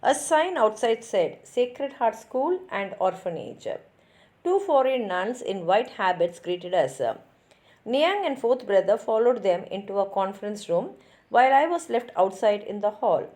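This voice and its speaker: A woman reading a novel chapter aloud in a steady, expressive storytelling manner. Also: mid-range voice, moderate pace. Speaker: reader.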